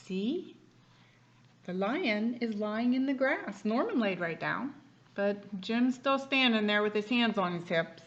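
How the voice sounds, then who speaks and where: A woman's voice: fairly high pitch, slow, lo-fi sound. A woman reading a picture book aloud to a child, pointing out what is in the pictures as she goes. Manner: lively, explains the pictures as she reads.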